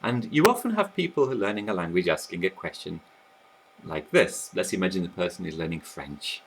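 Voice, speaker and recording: A man teaching about language learning, explaining in a lively, animated way while sketching on a board. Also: low-pitched, a little fast, breathy edge, poor audio. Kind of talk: explanatory video talk.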